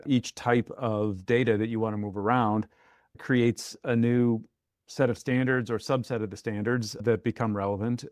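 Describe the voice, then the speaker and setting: A man appearing as a guest on an interview podcast, explaining technical points in a measured, orderly way. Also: lowish voice, a little mellow, no room sound, clean studio sound. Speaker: guest, software architect. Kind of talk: interview answers.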